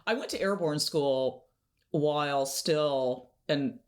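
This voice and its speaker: A woman guest in an interview, telling stories in an animated way and laughing often. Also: low voice, takes it slowly. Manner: animated storyteller, laughs often, acts out quotes. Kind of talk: conversational interview storytelling.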